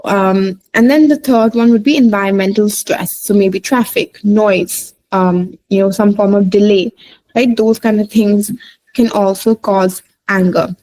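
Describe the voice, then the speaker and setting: A woman's voice: medium pitch, steady tone, unhurried, darkish tone, low-quality recording. A woman psychologist explaining points in a loose, informal way, with many fillers and frequent "right?" tags.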